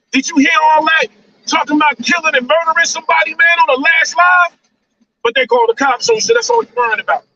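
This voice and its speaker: A man's voice: very high-pitched, pushed and bright, lo-fi sound. Man, 40s, live-stream host. Preachy and repetitive, sounds distant with faint noise. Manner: preachy, repeats lines, says "man" a lot. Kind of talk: casual monologue on a live stream.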